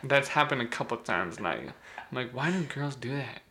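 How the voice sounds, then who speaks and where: A man's voice: medium pitch, animated, fairly quick, pushed and bright, a little hiss or hum. A young man casually telling a rambling story with lots of fillers, laughing as he goes.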